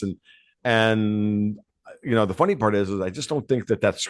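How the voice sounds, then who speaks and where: A man hosting a podcast, talking in a rambling, animated way that keeps circling back on itself. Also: lowish voice, moderate pace, dry recording, studio quality. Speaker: podcast host. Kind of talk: casual podcast conversation.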